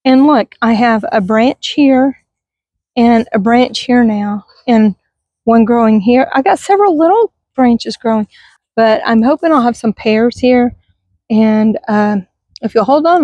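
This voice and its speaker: High-voiced middle-aged woman, chatty and wistful. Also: unhurried, a little mellow, no room sound, muffled recording. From Texas. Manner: rambling, wistful, chatty with viewers. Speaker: vlogger. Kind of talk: casual garden tour vlog. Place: outdoors in a yard by a busy street. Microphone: handheld camera.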